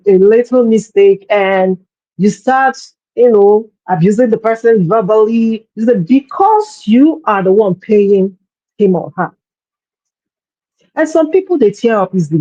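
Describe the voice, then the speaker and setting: A woman's voice: on the high side, mellow, no echo, muffled recording. A woman coaching parents in a workshop talk, speaking earnestly and often repeating words as she searches for her phrasing.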